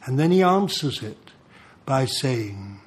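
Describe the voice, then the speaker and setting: An older man preaching a sermon, telling stories in an animated way and chuckling between points. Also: medium pitch, slow. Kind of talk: sermon with storytelling.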